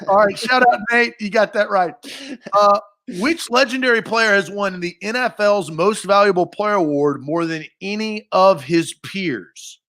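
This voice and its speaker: A man co-hosting a casual sports trivia segment, reading each question slowly and deliberately. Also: sits high, fairly bright tone.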